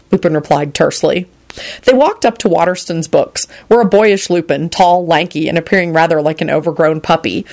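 A woman narrating a story aloud in expressive storytelling style. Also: fairly low pitch. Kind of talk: audiobook reading of fan fiction.

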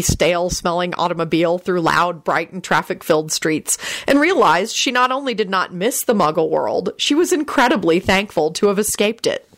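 A woman narrating a storybook in a measured, expressive way. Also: lowish voice. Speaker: audiobook reader.

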